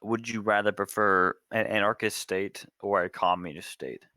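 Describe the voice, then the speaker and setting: A man with a low, deep voice that still has a bright, forceful edge chats casually as a podcast guest. He pauses and restarts his sentences often, and a faint hiss of background noise sits under his voice on the call. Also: steady tone, poor audio. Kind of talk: casual chat.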